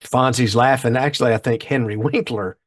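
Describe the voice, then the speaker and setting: A man's voice: medium pitch, a little fast. A man co-hosting a podcast, casually retelling a TV episode in a rambling way with many restarts. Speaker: podcast co-host.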